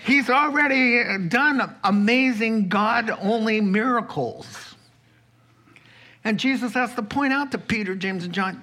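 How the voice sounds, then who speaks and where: A man preaching a sermon, acting out the biblical figures in lively dialogue and breaking into sudden high, emphatic bursts. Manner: slow, deliberate delivery with sudden high bursts.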